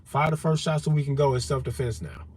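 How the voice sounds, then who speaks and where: A man's voice: medium pitch, quick pace, a little mellow. A man in an unscripted monologue, talking straight at his listeners in a profane, confrontational, heated way. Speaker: vlogger.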